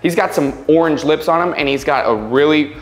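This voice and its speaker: A man's voice: on the high side, a little fast, roomy sound. A man hosting a fish-keeping vlog, gushing with enthusiasm and often repeating words as he shows off fish. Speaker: fish channel host. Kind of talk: casual upbeat vlog chat.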